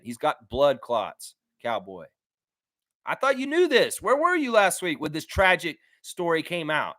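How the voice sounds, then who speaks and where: A man's voice: fairly high pitch, no room sound, studio quality. A man hosting a live fan reaction stream, reading chat and answering in a blunt, repetitive way with casual swearing. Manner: blunt, animated, swears freely, repeats himself for emphasis. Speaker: sports stream host.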